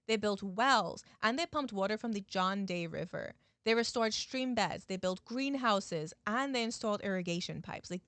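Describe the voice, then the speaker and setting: A woman's voice: medium pitch, a bit bright, no echo. Chatty woman recapping a story. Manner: chatty, addresses viewers, many "like" fillers. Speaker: YouTube host.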